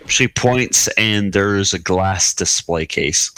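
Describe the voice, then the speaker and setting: Male game master, relaxed and unhurried, close dry mic, halting restarts. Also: deep voice, smooth, dry recording, low-quality recording. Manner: laughs often, halting restarts. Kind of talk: narrating a tabletop game.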